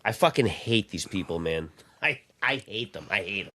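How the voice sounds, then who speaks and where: A man's voice: lowish voice, animated, moderate pace, bright, forceful tone. A man, co-hosting a podcast in casual chat, blunt and profane as he rants. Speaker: podcast co-host.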